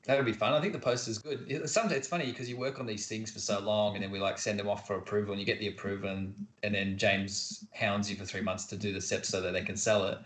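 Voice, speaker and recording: Casting: slightly low-voiced man, chatty artist, echoey room sound. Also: fairly even intonation, fast talker, hardly any pauses, fairly bright tone, slight background noise. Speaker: artist and podcast co-host. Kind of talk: casual chat.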